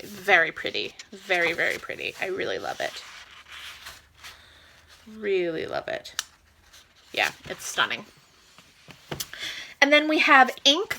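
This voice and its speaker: A woman's voice: medium pitch, pushed and bright. A woman chatting casually as a book vlogger, eager and gushing as she shows off new books. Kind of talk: casual book haul chat.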